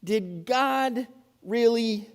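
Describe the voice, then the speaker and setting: A man voicing a sly male serpent tempter, who drags out innocent-sounding questions in a slow, coaxing way. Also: very high-pitched, clean tone, pitched above the performer's own voice, exaggerated voice. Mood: insinuating. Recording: long reverb in a church hall.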